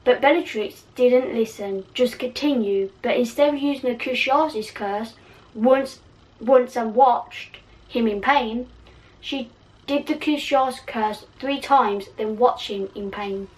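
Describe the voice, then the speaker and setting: A woman's voice: a little high, unhurried, far from the mic, low-quality recording. A woman reading her own fan fiction aloud in a casual way, giggling and poking fun at herself, stumbling over words. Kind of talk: casual story reading with asides.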